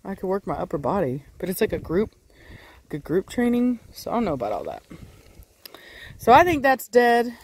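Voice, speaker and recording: A woman's voice: mid-range voice, big pitch swings, normal speed, long pauses, darkish tone, rough recording. A woman with a Texan accent chatting casually outdoors in a vlog, talking to her dogs. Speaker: dog breeder vlogger. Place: outdoors in a windy yard. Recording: faint wind noise outdoors.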